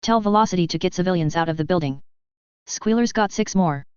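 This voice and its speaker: A woman's voice: on the low side, fairly quick, a little mellow, clean tone, no room sound, lightly acted. A woman reading the lines of a clipped, businesslike male armored hero. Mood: urgent. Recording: dull lo-fi dry recording.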